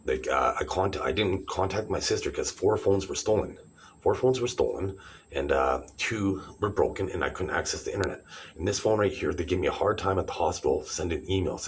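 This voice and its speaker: Deep-voiced rambling man in his forties. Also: slight background noise, rough recording. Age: 40s. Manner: agitated, repetitive, restarting sentences. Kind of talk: rambling direct-to-camera monologue.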